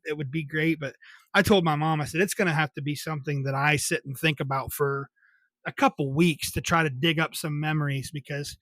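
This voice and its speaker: A man's voice: fairly high pitch, fairly bright tone, no room sound. A young man, hosting a podcast and telling casual, rambling childhood stories with swearing and laughter. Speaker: podcast host. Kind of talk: casual solo storytelling.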